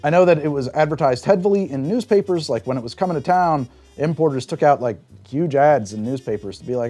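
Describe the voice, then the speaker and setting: A man hosting a cocktail show, explaining a drink's history in an animated storytelling way and describing flavors aloud as he tastes. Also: a little high, brisk, hardly any pauses, soft background music. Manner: animated storytelling with big swings in emphasis. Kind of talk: conversational explainer.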